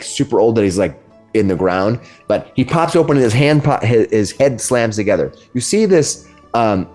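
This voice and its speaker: A man's voice: medium pitch, a little mellow. A man narrating a tabletop game as game master, often repeating words as he goes.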